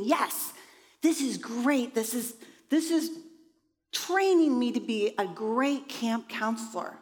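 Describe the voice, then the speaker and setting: A woman from Indiana telling a personal story, acting out her own thoughts in lively voices. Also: sits high, big-room sound. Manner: animated, acts out her own inner voice. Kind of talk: storytelling talk.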